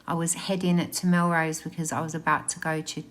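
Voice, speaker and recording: A woman's voice: low-pitched, little pitch movement, a little fast. Chatty woman vlogging. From Essex, England. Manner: bubbly, chatty, enthusiastic. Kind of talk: casual vlog chat and voice-over.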